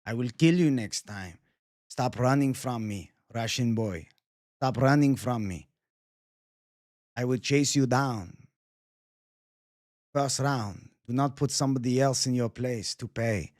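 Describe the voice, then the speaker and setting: A man doing a slow, menacing fighter. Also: a little mellow, no echo, studio quality, close to an everyday voice. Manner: slow, low, threatening delivery. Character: menacing male fighter issuing threats.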